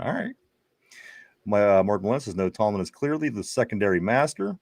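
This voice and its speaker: A man's voice: lowish voice, big pitch swings, fairly quick, gravelly, darkish tone, no echo, studio quality. A man hosting a casual sports talk show, reading viewer comments aloud in a chatty way with frequent restarts. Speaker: podcast host.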